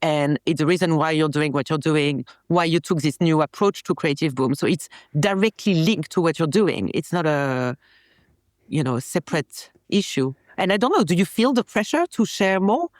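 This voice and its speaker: A woman's voice: deep voice, lively intonation, normal speed, dry recording, studio quality. A woman from France with a French accent, a podcast guest and illustrator, chatting in a rambling way with many restarts. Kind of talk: casual interview chat.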